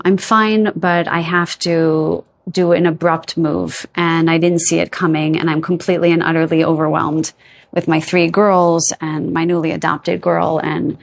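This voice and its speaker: Chatty middle-aged woman reading tarot. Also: fairly low pitch. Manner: chatty and rambling, losing her train of thought; warm, openly affectionate to her audience. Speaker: tarot card reader. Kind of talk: pick-a-card tarot reading to viewers.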